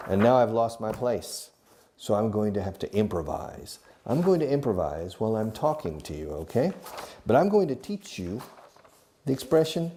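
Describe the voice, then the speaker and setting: Middle-aged man, English teacher filmed on camera; animated drilling with Spanish asides, warm low voice. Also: normal speed, slight background noise. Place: classroom or studio filmed by a camera operator.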